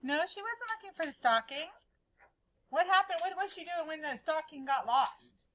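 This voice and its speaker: A woman teaching a class reading lesson in a high, bright voice. She keeps asking the same question again and calls on pupils by name, then echoes back their answers. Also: expressive, moderate pace. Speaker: schoolteacher.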